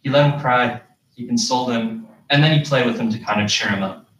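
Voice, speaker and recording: A man's voice: mid-range voice, brisk, fairly bright tone. A young man giving a Friday sermon, earnest and explaining step by step with rhetorical questions. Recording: echoey hall, distant mic.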